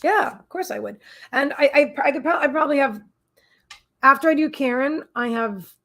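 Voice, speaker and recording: On her psychic reading livestream, a woman speaks in a slightly high, gravelly-fried voice with lively intonation that sounds pushed and bright. She effusively repeats her greetings and thanks, stumbling into frequent restarts and fillers.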